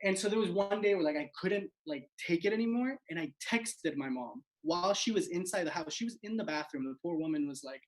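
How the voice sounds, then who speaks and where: A man's voice: high-pitched, lively intonation, brisk, few pauses, low-quality recording. A man in his late twenties from South Florida, hosting and telling a self-mocking stand-up story over a video call, full of "like.". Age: late 20s. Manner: chatty, peppered with "like", self-mocking. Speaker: host and stand-up comedian.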